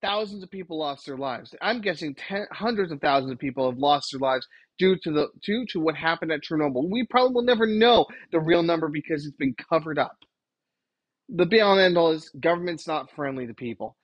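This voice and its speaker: Husky-voiced podcaster ranting emphatically. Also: medium pitch, lively intonation, fairly quick, no echo, lo-fi sound. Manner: exasperated, emphatic, lecturing. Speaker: podcast host. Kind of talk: preachy solo podcast rant.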